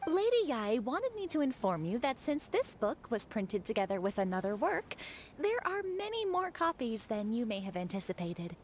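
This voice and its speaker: A woman's voice: a little high, very animated, normal speed, slight background noise. An actress voicing a composed, formal female messenger in game cutscene dialogue. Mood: polite. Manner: formal, courteous.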